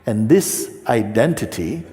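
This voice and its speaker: Gentle low-voiced teacher in a reverberant hall. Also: male voice, lively intonation. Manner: gentle, unhurried, checks in with questions. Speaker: spiritual teacher. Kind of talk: spiritual talk answering a seeker.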